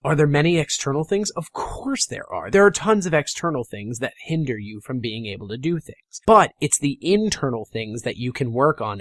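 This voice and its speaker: A man's voice: medium pitch, dry recording, clean studio sound. A young man giving a casual motivational talk to gamers, blunt and fired-up, swearing freely. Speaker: gaming motivation vlogger.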